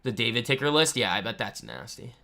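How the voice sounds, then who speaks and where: A man with a bright, forward voice hosts a live trading stream from home. He talks loosely and confidently, full of fillers, with a touch of swagger as he answers the chat. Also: mid-range voice, sing-song, a little fast, creaky. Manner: chatty and boastful, lots of fillers. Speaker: trading livestream host. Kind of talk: casual live market commentary, answering chat. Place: home room.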